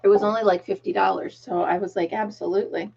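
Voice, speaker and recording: A woman's voice: medium pitch, steady tone, fast talker, gravelly, darkish tone, breathy edge, muffled recording. A middle-aged woman hosting a casual crochet livestream, chatting, laughing often and counting stitches aloud, with a tickle in her throat. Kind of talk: casual chat while crocheting.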